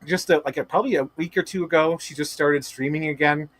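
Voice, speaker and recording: A man hosting a livestream, talking in excited, rambling casual chat full of swearing and filler words. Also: fairly high pitch, fast talker. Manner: gushing, profane, rambling with many "like" fillers. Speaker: livestream host.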